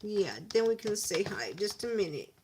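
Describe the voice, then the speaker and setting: A woman's voice: medium pitch, normal speed, very noisy. A woman hosting a casual livestream, chatting with viewers as she narrates her crafting at home. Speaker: livestream host.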